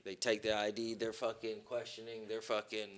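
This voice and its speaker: A man on a podcast telling a long story in casual, profane talk, with plenty of "boom" and "right?". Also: monotone, moderate pace, background noise. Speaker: podcast co-host.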